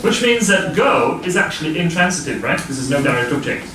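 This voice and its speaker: A man's voice: fairly high pitch, sing-song, fairly quick. Male university lecturer, step-by-step explainer, recorded at a distance, with noise behind. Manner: explaining step by step, asking the class questions. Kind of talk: classroom lecture. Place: lecture hall. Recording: distant voice in a noisy, echoey lecture hall.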